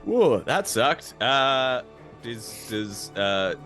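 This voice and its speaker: A man playing a tabletop game, jokey and expressive as he talks with the other players. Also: mid-range voice, extremely slow, faint music behind. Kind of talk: casual chat.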